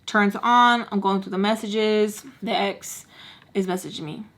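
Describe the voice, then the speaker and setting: A woman in her twenties telling a casual storytime, animated and slangy, acting out every quote. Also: mid-range voice, measured pace. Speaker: vlogger.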